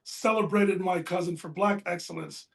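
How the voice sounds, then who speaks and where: A man's voice: high voice, fairly even intonation, normal speed, gravelly, fairly bright tone. A man co-hosting a casual sports talk show, speaking earnestly and from the heart. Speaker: podcast co-host. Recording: roomy echo.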